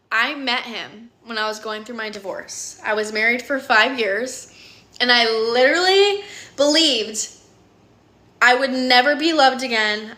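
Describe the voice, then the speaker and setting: Bright-voiced woman telling a story in an echoey room. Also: fairly high pitch. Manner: earnest, animated, lots of "like" and "literally". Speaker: woman sharing her dating story. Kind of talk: emotional personal storytelling.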